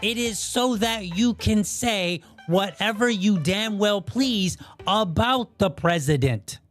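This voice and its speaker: A man's voice: high voice, animated, takes it slowly, fairly bright tone, faint music behind. Blunt ranting male podcast host. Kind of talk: opinion monologue.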